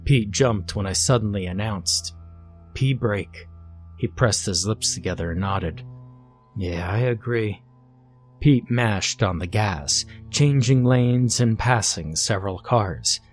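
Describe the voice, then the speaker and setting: Man, low voice, calm scripted horror narration, first person, faint music behind. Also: a little slow, few pauses. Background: faint background music.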